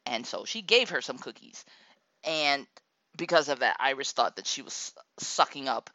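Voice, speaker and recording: A woman telling a comic story about her daughter, animated and exasperated, laughing often. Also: very deep voice, normal speed, no echo, muffled recording.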